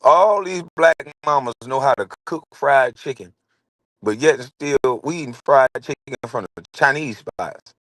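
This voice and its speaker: A man's voice: mid-range voice, unhurried, fairly bright tone, no room sound, rough recording. A man in his forties hosting a casual commentary show, talking in a blunt, rambling and heated way. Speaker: show host.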